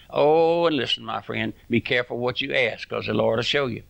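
Fiery preacher man, gravelly. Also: mid-range voice, fairly quick, few pauses, a bit bright, no room sound. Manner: impassioned, preachy, folksy sayings. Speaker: radio preacher. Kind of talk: fiery radio sermon.

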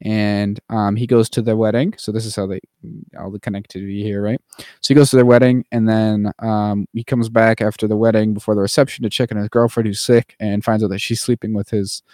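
A man's voice: lowish voice, little pitch movement, fairly quick, dark tone, no room sound, studio quality. A man co-hosting a podcast, casually recapping a movie with lots of fillers and the odd mocking put-on voice. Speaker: podcast co-host. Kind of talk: casual chat.

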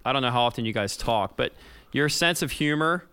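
A man's voice: mid-range voice, animated, fairly quick, pushed and bright, clean tone, no echo. A man hosting a podcast, asking earnest, encouraging questions and giving short affirmations. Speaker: podcast host. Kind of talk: casual podcast interview.

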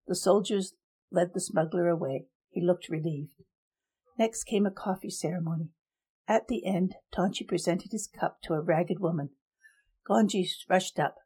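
A woman narrating a story in a steady, even reading. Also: on the low side, moderate pace, slightly rough.

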